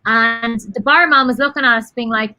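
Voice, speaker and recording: A woman with a Dublin Irish accent, chatting as a guest on a live video call and telling animated stories with frequent laughter. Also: a little high, moderate pace, no echo, low-quality recording. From Dublin, Ireland. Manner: animated storyteller, laughs often.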